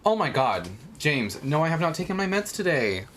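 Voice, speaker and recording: Very animated male game streamer. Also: a little high, moderate pace, slight background noise. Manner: chatty, joking, talks straight to chat. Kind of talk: casual live-stream chat while playing.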